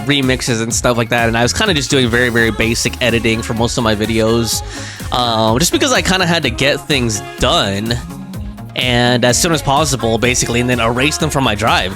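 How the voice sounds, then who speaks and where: A young man streaming a game live, chatting casually and rambling with fillers and restarts. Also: medium pitch.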